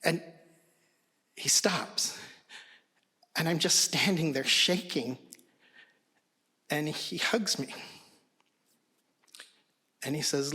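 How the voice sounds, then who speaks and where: A man telling a personal story on stage, in a slow, hushed and halting way. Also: on the high side.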